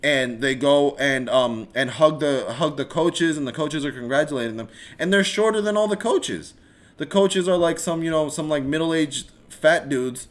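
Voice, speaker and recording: A man's voice: on the high side, moderate pace. Rambling man ranting on a live podcast. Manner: rambling, animated, swears freely, many restarts. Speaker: podcast host. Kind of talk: casual solo rant on a live stream.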